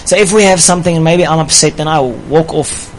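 Playful preacher man, slightly high voice. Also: fairly quick, slight background noise, poor audio. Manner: playful, laughing with a live audience. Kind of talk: sermon on marriage.

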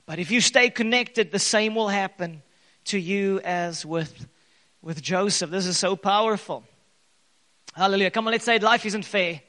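Man, pastor, very high voice, animated sermon, hall reverb. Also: normal speed. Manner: animated preaching with bursts of loud acted quotes.

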